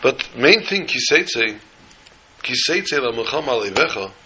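A man giving a sermon as a rabbi, an animated storyteller who acts out scenes before he turns to teaching. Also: medium pitch, a little slow, slightly rough, rough recording. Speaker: rabbi teaching the weekly Torah portion.

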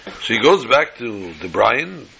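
A man's voice: mid-range voice, very animated, creaky, sharp tone, low-quality recording. A man telling folksy stories and jokes in a casual way, dropping Yiddish and Hebrew phrases and acting out the dialogue. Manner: acts out dialogue with quick quoted voices. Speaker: storyteller. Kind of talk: casual storytelling talk.

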